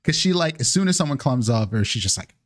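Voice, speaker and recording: A man acting as game master, narrating a live-streamed tabletop game in a halting, filler-heavy way. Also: mid-range voice, big pitch swings.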